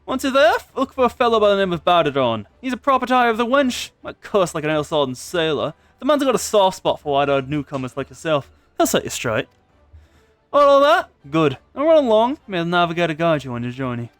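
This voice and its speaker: A friendly townsman hurries a newcomer along with quick directions, as a man reads him aloud from a game. The voice is high for a man and very lively. It sounds dry and close. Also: no echo, soft background music. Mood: brisk. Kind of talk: reading game dialogue aloud.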